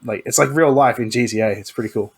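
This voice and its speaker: A man's voice: medium pitch, fast talker, husky. Sex: man. Role: podcast co-host. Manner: easygoing chat. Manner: easygoing, many likes and ums. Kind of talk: casual chat.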